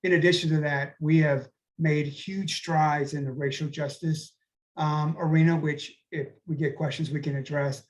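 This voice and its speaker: Higher-voiced man giving career advice. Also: fairly even intonation, moderate pace, rough recording. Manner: conversational, advising with frequent "okay?" check-ins. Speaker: recruiter. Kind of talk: career advice talk on a panel.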